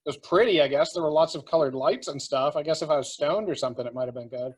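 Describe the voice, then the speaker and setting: A man's voice: a little high, fast, darkish tone, slightly rough. A man appearing as a guest on a podcast, chatting casually with blunt opinions and dry humor. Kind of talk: casual chat.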